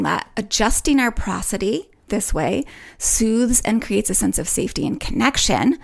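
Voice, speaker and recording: A woman hosting a solo podcast, talking in a melodic, playful way that swoops up in pitch to make her points. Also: creaky, darkish tone. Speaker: podcast host.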